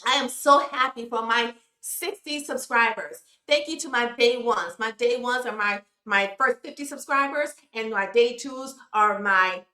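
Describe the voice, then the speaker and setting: A woman's voice: on the high side, measured pace, hardly any pauses, bright, forceful tone, roomy sound. A woman hosting her own commentary vlog, talking to her viewers in a preachy, emphatic way and calling them "y'all". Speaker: YouTube commentary host.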